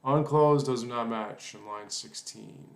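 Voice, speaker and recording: A man's voice: mid-range voice, takes it slowly, gravelly, slight background noise. Rambling, self-mocking man in an echoey room. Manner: rambling, self-deprecating, apologetic, swears at his own mistakes. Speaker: coding tutorial instructor. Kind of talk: casual screen-recorded coding lesson.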